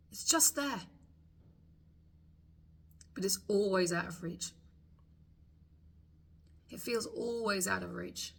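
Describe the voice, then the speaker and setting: A woman coaches a guided tapping session, voicing frustrated thoughts for listeners to repeat. Her voice is bright and a little husky, with gravelly fry, and she takes her time over every phrase. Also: medium pitch.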